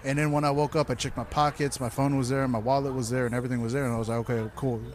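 A mid-range male voice rattles off very fast, profane, animated anecdotes about wild nights in a loose, casual chat. There's a little hiss or hum in the audio.

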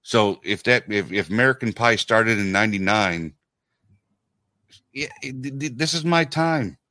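Bright, stammering man in his forties. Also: fairly low pitch, animated, a little slow, no echo, clean studio sound. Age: 40s. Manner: stammering, laughs often, emphatic. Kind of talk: casual chat.

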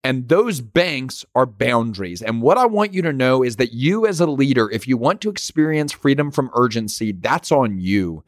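A man's voice: medium pitch, very animated, moderate pace, few pauses, no room sound, studio quality. A man giving a motivational leadership talk, emphatic and full of rhetorical questions. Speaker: leadership speaker.

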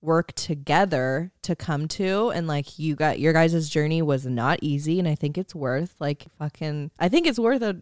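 Emotional woman podcast co-host, low smooth voice. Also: animated, moderate pace, few pauses, darkish tone, no echo, studio quality. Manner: emotional, rambling, near tears. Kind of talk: casual chat.

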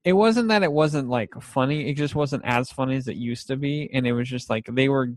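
A man's voice: mid-range voice, brisk, dry recording. A young man chatting casually about favorite TV shows, rambling and laughing often as he acts out scenes.

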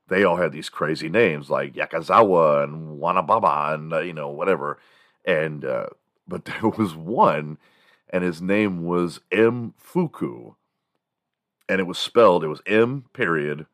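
Very deep-voiced man telling rambling stories. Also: fairly bright tone, no echo, studio quality. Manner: rambling, profane, laughs at his own stories. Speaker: morning show host. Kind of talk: casual comedic storytelling.

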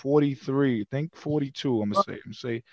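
A man's voice: mid-range voice, quick pace, no echo. A young man, telling stories animatedly over a video call. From Brooklyn, New York. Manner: animated storyteller, full of fillers and acted quotes. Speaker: guest, comedian. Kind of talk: casual chat.

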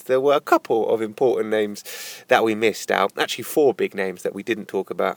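A man's voice: fairly low pitch, no room sound. A man hosting a casual podcast who introduces the episode in an easygoing way and steers the talk along. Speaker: podcast host.

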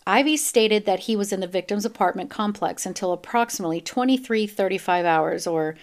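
Blunt, swearing woman podcast host. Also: mid-range voice. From United States. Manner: blunt, swears freely, animated when ranting. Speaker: true crime podcast host. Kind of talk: reading news with ranting asides.

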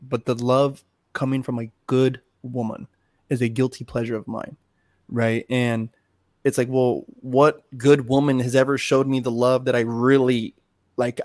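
A man co-hosting a podcast in casual chat, talking in a rambling, animated and profane way. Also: medium pitch, moderate pace, no echo, studio quality. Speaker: podcast co-host.

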